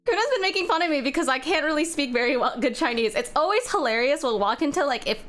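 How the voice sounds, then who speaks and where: Young woman streamer rambling while she draws, kinda high voice, lots of likes and laughs. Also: lively intonation, fast, few pauses, fairly bright tone, a little hiss or hum. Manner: rambling, chatty, laughs often, many fillers. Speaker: art streamer. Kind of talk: casual chat while drawing on stream. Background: faint music.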